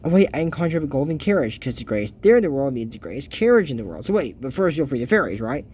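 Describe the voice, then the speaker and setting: A smug, scheming cartoon fairy villainess as a man puts her on, pitched low and bargaining sweetly for what she wants. The voice stays on a middle-level register, dropped down for her. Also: sing-song, rapid-fire, a little mellow, slight background noise, close to an everyday voice.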